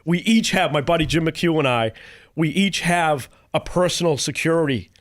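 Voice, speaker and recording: A comedian tells his stories in a lively, casual way. He keeps jumping into the voices of the people in them. His voice sits a bit high and is recorded close and dry, with no room echo. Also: normal speed. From Cambridge, Massachusetts. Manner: animated, acts out other people's lines in shifting voices. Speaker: comedian guest. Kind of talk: casual storytelling.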